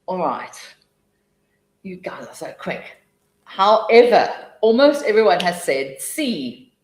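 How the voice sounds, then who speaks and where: A woman leading an online teaching webinar, chatty and lively, laughing now and then and thinking aloud between points. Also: lowish voice, reverberant, rough recording. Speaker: TEFL trainer leading a webinar.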